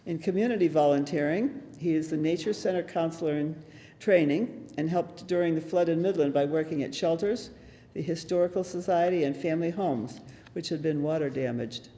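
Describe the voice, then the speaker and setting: A man's voice: on the high side, a little fast. A man acting as emcee, reading award citations at a ceremony. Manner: steady, formal reading. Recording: hall reverb.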